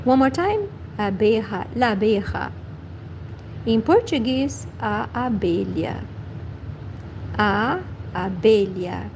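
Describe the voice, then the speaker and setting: A woman leads a livestream language lesson, pronouncing every word twice at a very slow, deliberate pace. Her voice sits a little high. A faint hiss of background noise runs under her speech. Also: darkish tone, low-quality recording. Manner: repeats each word slowly and carefully. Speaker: language teacher. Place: home livestream.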